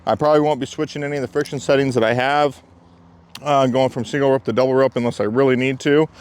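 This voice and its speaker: Smooth-voiced man casually reviewing climbing gear. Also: medium pitch, fairly even intonation, fast. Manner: chatty, explaining step by step.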